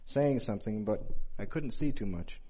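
A man in his forties giving a sermon and telling a personal story, speaking in a measured, reflective way with pauses between phrases. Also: on the low side, dark tone, slightly rough. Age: 40s.

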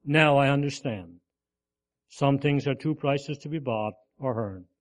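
A man's voice: mid-range voice, moderate pace, lightly acted. A man voicing an old pearl diver in a sermon story, speaking earnestly and pleadingly. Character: old male pearl diver, grave and devoted.

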